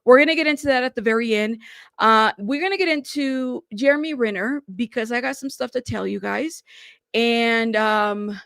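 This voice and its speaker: A woman's voice: a little high, normal speed, vocal fry, fairly bright tone, dry recording, clean studio sound. A woman hosting a casual live stream from home, chatty and apologetic, constantly thanking her viewers and calling them "y'all.".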